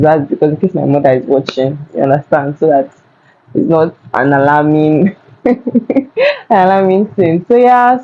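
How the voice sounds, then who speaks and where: A young Nigerian woman talks straight to her phone camera, chatty and animated as she tells a story. Her voice is low and mellow. The sound is somewhat dull and lo-fi. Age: young adult. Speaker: vlogger. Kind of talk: casual storytime.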